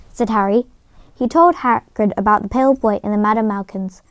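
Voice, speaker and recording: A woman's voice: medium pitch, brisk, no echo. A woman reading a novel aloud in plain storytelling, with occasional stumbles and restarts. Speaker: reader.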